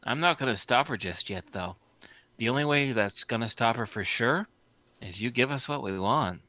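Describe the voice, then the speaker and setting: A man's voice: medium pitch, animated, moderate pace, bright, forceful tone, no room sound. A man playing a tabletop role-playing game, speaking in character with a tough, dismissive manner. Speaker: player.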